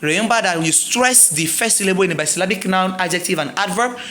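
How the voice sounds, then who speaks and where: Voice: medium pitch, a bit bright, slight background noise. Teacher drilling word stress. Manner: drills words slowly, repeating and quizzing listeners. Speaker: English teacher. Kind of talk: exam-prep lesson.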